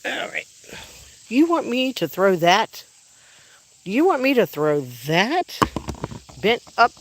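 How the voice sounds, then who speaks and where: A dog owner chatting casually on a livestream from an outdoor backyard, rambling and now and then shouting to call the dogs. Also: medium pitch, sing-song, slow pace, slight background noise, rough recording.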